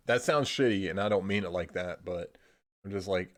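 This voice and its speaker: A man's voice: fairly low pitch, sing-song, a little slow. A young man from Indiana streaming casual rambling chat, laid-back, swearing freely and trailing off into "I don't know.". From Indiana, USA.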